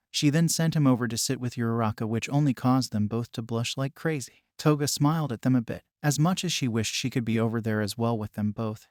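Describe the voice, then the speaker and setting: Male narrator for a fan story, steady even reading, mid-pitched, dry close sound. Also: no echo.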